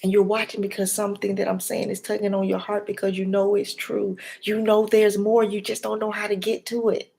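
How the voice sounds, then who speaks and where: A woman's voice: medium pitch, completely flat delivery, brisk, gravelly. Woman giving a dramatic motivational talk. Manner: preacher-like, swings between whispers and loud emphasis; addresses the viewer directly. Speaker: life and health coach.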